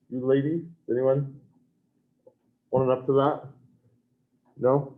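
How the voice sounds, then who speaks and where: A man's voice: mid-range voice, steady tone, slow, long pauses. A man teaching an online class, taking attendance in a scattered, self-correcting, apologetic way. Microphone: video call. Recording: tinny video call audio.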